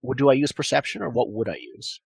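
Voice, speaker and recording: A man's voice: medium pitch, sing-song, quick pace, creaky, darkish tone, slightly rough, no echo, poor audio. A man playing a tabletop game who checks the rules aloud and talks hesitantly. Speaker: player. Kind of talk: casual tabletop game chat.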